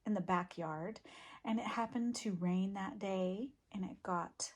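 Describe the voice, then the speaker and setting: A woman's voice: fairly low pitch, fairly even intonation, slow, a little mellow, husky. A woman hosting a crochet podcast, chatting casually to camera about her projects, rambling with asides to viewers. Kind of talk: casual show-and-tell chat to camera.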